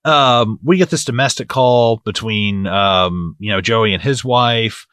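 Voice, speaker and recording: A man's voice: on the low side, unhurried, fairly bright tone, clear, resonant tone, no echo, studio quality. A man co-hosting a movie podcast in casual, profane chat who often acts out lines from the film. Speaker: podcast co-host.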